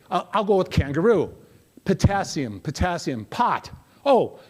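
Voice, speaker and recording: A middle-aged man giving a lively motivational talk, coaxing his audience through memory exercises. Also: high-pitched. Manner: energetic, coaxing audience participation. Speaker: motivational speaker. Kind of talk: interactive memory workshop talk.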